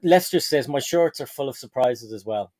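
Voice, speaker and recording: A man's voice: mid-range voice, expressive, moderate pace, darkish tone. A man hosting a casual live stream from home, chatting and reading viewer comments aloud, often correcting himself.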